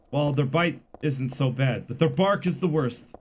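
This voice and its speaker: Rambly streamer guy chatting while he plays, kinda high voice, bit of hiss. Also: unhurried. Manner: rambling, chatty, many fillers and restarts. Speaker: game streamer. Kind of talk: casual gameplay commentary.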